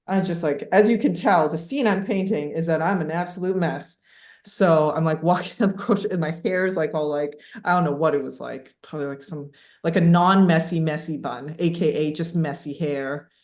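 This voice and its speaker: A woman in her thirties telling a personal story as a podcast guest, animated and laughing, with many fillers. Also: deep voice, brisk. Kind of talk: casual storytelling interview. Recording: echoey room.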